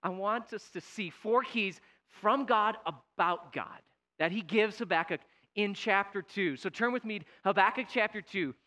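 Bright-voiced, high-pitched preacher. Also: male voice, normal speed. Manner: dramatic swings between loud pleading and quiet emphasis. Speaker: pastor. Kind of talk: sermon.

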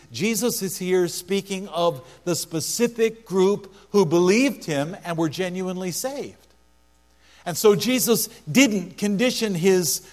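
A male pastor preaching a sermon, emphatic, repeating key phrases for stress. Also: high voice. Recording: long hall reverb with mains hum.

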